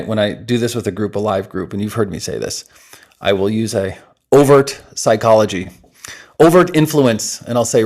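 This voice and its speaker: Starting out energetic and laughing as an interview guest, a man later shifts to guiding a breathing exercise, giving soft, slow instructions. His voice is mid-range.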